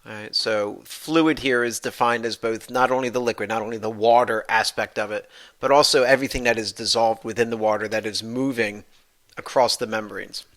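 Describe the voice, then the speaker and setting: A man's voice: lowish voice, fairly even intonation, fairly quick, a bit bright. A man, a professor, giving a recorded anatomy lecture, explaining step by step and restating his points with many fillers.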